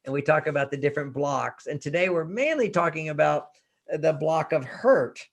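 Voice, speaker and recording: Emphatic guy in his sixties from texas, kinda high voice with a gravelly edge. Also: expressive, brisk. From Texas, USA. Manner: emphatic, acts out quoted voices. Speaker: guest author. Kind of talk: interview talk.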